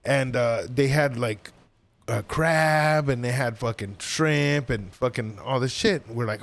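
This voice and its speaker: A man's voice: mid-range voice, normal speed, creaky. A man telling a story on a podcast in a casual, rambling way, swearing a lot and acting out what people said. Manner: profane, rambling, animated quoting. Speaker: podcast guest.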